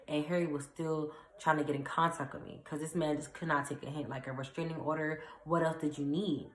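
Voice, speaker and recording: A young woman vlogger casually retelling a personal story, chatty and animated, full of fillers and acted-out quotes. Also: low voice, a little fast. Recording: echoey room.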